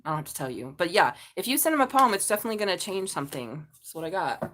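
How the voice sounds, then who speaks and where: A woman's voice: fairly low pitch, big pitch swings, racing, a bit bright. A middle-aged woman reading tarot on a casual live stream, blunt and chatty, swearing freely. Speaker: tarot reader.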